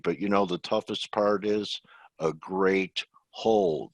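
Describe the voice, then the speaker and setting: A low-voiced man hosts a trading webinar and talks in a chatty, easygoing way. His voice is recorded dry and close. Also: big pitch swings, takes it slowly, creaky, no echo. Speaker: webinar host. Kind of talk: casual interview.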